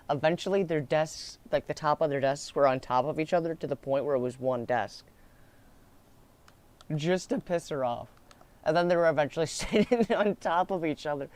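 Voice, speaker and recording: A young man chats loosely about his school days, restarting sentences and laughing along the way. His voice sits a little high and sounds smooth and clear. He swears offhandedly and keeps the story loose. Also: a little mellow. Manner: rambling, laughing, swears casually, many restarts. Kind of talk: casual storytelling chat.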